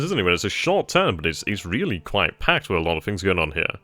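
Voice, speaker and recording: A man thinking aloud as he plays a strategy game, trailing off mid-sentence and bursting into giddy excitement at good news. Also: low voice, fairly quick, hardly any pauses, soft background music. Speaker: let's play gamer.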